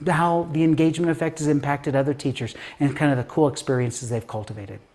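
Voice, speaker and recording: A man's voice: fairly high pitch, fast talker. A man in his fifties from Denver, a guest author telling a story in an interview and acting out the voices of people he quotes. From Denver, USA. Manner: animated, acts out quoted voices with filler words.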